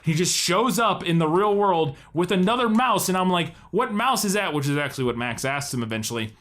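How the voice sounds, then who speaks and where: Male co-host, casual and laughing, slightly raised pitch, plays out scenes. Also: fairly quick, fairly bright tone. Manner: loose, laughing, acts out film dialogue in silly voices. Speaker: podcast co-host. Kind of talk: casual movie-review chat.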